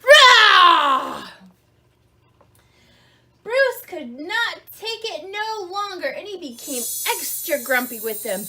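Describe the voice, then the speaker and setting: Lady doing a kids story read-along, slow and unhurried, high voice, asks lots of questions. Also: slight background noise. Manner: animated, asks children questions; explains words simply. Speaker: children's story reader.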